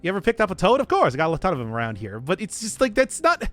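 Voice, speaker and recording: A male streamer chatting loosely with his viewers while he plays, drifting off-topic and laughing often. His voice sits fairly high for a man and jumps around a lot in pitch, full of lively swoops. A faint bit of music plays underneath. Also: rapid-fire. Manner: rambling, giggly, talks to chat. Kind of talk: casual gaming livestream chat.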